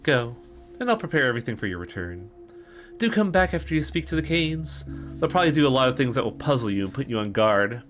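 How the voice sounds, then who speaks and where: A man reading the lines of a gentle, enigmatic young woman with a soft, coaxing delivery. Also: medium pitch, very animated, fairly quick, faint music behind.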